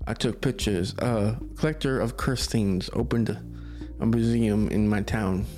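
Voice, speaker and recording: A man voicing a haunted older man cursed by dolls, with a put-on Russian accent and slow, halting, broken English. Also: lowish voice, warm tone, soft background music, close to an everyday voice.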